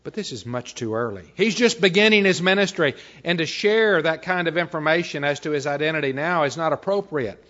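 A man preaching a sermon as a pastor, reading scripture and often dropping to a quiet, measured delivery. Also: on the high side, lively intonation. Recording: dull, slightly lo-fi recording.

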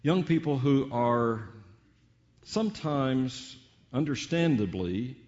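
A man delivering a sermon at a middling pitch, leaning hard on single words and letting pauses hang between his rhetorical questions. The sound is a little dull and muffled. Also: expressive, a little mellow. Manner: teacherly, varied emphasis with drawn-out pauses and rhetorical questions. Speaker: preacher.

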